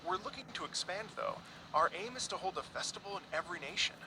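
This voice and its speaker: A man's voice: high voice, lively intonation, fast. A man voicing a polite, formal traveling musician in a video game. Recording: game audio with clear background noise.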